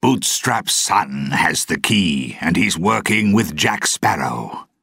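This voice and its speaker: Man doing a slow, sinister sea captain. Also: low-pitched, expressive, vocal fry, sharp tone, breathy edge, no echo, clean studio sound, exaggerated voice. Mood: menacing. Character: menacing sea captain Jones, cruel and commanding.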